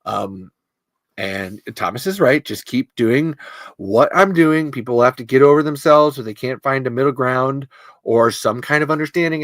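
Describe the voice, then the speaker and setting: A trans podcast host chatting casually on a livestream and reading comments, speaking in a halting, personal and emotional way. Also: mid-range voice, no room sound.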